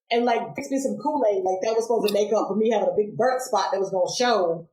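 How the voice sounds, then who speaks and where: A woman in her forties tells childhood stories as a podcast guest, animated and quick to laugh, and she acts out the voices of the people in them. Her voice sits at a middle pitch. A roomy echo hangs around it. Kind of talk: casual storytelling interview.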